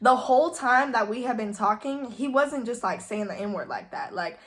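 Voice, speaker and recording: A woman's voice: on the high side, expressive, moderate pace, fairly bright tone. A young woman telling a casual storytime, chatty and full of "like,". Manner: chatty, heavy use of "like". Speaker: vlogger.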